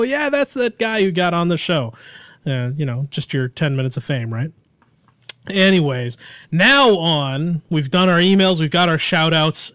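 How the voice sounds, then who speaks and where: A man's voice: a little high, fairly bright tone, smooth, no echo, studio quality. A man hosting a casual gaming podcast, upbeat and encouraging as he talks straight to his listeners. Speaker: podcast host.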